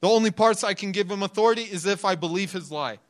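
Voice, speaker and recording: A young man delivers a sermon with a slightly raised pitch. He talks to the congregation in a loose, chatty way, laughing often and acting out the people in his stories. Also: fast. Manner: conversational, laughs often, acts out quotes in the story. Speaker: preacher.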